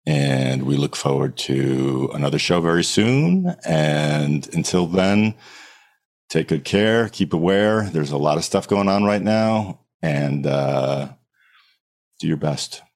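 A man hosting a casual group podcast discussion, wrapping up the talk in an unhurried way. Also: extremely low pitch, expressive, a little mellow. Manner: unhurried, wraps up the show. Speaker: podcast host.

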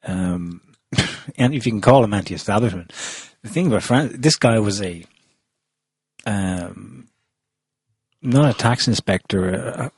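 Low-voiced husky male podcast host. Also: unhurried, no room sound. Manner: chatty, many ums and restarts. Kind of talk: casual panel discussion.

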